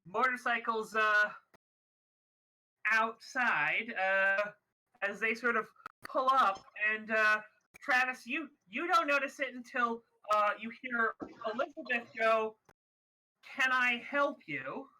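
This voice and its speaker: Bright-voiced man running a tabletop game. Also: very high voice, takes it slowly, low-quality recording. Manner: hesitant, filler-heavy. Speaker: game master.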